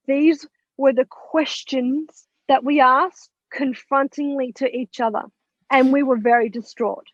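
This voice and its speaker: A woman's voice: sits high, steady tone, a little slow, no room sound, dull audio. A woman in her thirties, a podcast guest, telling a personal story with feeling and swearing freely as she voices her past thoughts.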